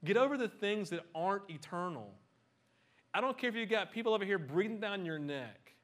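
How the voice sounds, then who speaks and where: A middle-aged man preaching a conversational sermon, animated and full of joking asides. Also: high-pitched, brisk. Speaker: pastor.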